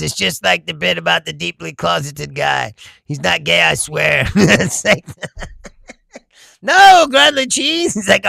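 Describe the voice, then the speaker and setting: A man's voice: fairly high pitch, vocal fry, sharp tone, dry recording. A man hosting a casual livestream, reading viewer comments aloud, laughing often and swearing freely. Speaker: livestream host.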